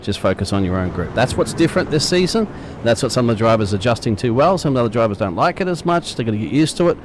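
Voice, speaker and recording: Fast-talking race analyst. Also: male voice, medium pitch, very animated, noisy background. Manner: rapid, chatty analysis with fillers. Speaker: color commentator. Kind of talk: sim racing commentary.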